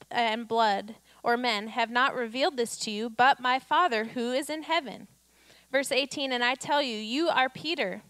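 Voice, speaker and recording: A woman's voice: a little high, a bit bright, dry recording. A woman pastor delivering a conversational sermon, reading scripture and building to emphatic declarations.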